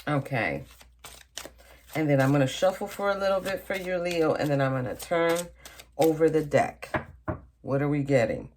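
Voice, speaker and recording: A woman tarot reader gives a casual reading at her table, chatting straight to the viewer, often checking in with "okay?" and calling them "honey." Her low voice is a little mellow with lively intonation, a moderate pace and long pauses, and there's a little hiss or hum.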